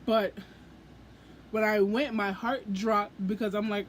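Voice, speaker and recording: A young adult woman telling a story in a casual book vlog, gushing and excitable, acting out her own reactions as she goes. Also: mid-range voice, takes it slowly, pauses often, slight background noise. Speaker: book vlogger.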